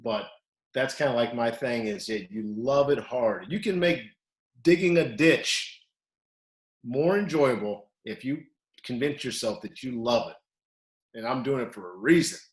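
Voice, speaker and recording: Animated male coach in an echoey room. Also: medium pitch, a little slow. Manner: animated, acts out quotes loudly. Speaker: wrestling coach, podcast co-host. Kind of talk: casual storytelling chat.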